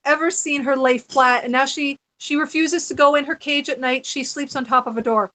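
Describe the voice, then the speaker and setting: A middle-aged woman with a high voice shares a personal story in a casual podcast chat. She is animated and chatty, laughing often as she goes. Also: normal speed. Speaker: podcast guest.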